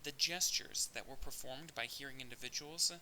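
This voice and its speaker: Bright-voiced man giving an audio lecture. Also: mid-range voice, normal speed, low-quality recording. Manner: explanatory, with occasional fillers and restarts. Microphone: audio-only recording. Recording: faint hiss.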